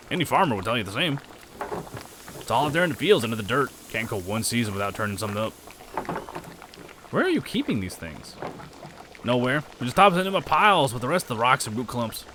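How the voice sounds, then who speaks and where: A man's voice: medium pitch, sing-song, a little fast, background noise, close to an everyday voice. A man voicing a plain-spoken male farmer in a game, blunt and matter-of-fact.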